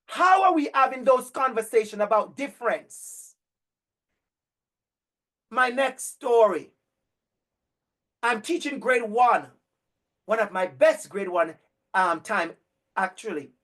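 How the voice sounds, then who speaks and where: A man giving a talk as an educator, telling stories in an animated, emphatic way, repeating words for effect and acting out children's voices. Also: very high voice, takes it slowly, pauses often. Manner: emphatic repetition. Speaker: educator and speaker. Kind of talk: storytelling talk.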